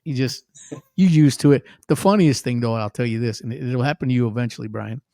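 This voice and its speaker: A man, a musician guest on a podcast, telling animated stories in casual chat and laughing often. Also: medium pitch, fast talker, vocal fry, no room sound, studio quality.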